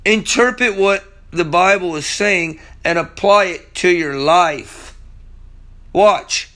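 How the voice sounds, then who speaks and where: A man's voice: high-pitched, takes it slowly, bright, forceful tone. A man preaching on a sermon podcast, teaching verse by verse. He is emphatic, stumbles through restarts and repeats words.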